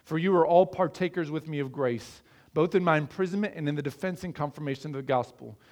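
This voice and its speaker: A middle-aged Midwestern man delivers a sermon with a slightly higher pitch than most men. He talks in an earnest, conversational way and keeps putting rhetorical questions to his congregation. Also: fast talker, darkish tone. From American Midwest. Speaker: pastor.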